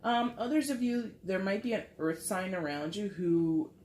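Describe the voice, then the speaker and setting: A woman's voice: mid-range voice, normal speed, a little mellow, a little hiss or hum. A woman giving a casual tarot reading to camera, talking in a rambling, chatty way with lots of filler words. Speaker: tarot reader. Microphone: camera mic. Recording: roomy echo.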